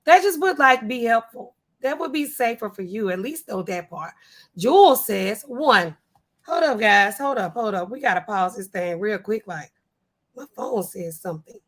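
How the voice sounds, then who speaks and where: A woman hosting a casual live stream, chatting loosely and reading out viewer comments in animated, slangy speech. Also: medium pitch, moderate pace. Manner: chatty, animated, African American Vernacular English (AAVE) style phrasing.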